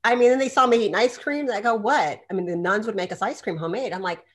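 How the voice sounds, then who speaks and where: A woman's voice: mid-range voice, very fast, fairly bright tone. A woman guest telling a story in a casual interview, acting out quotes with bursts of laughter. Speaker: doctor and podcast guest.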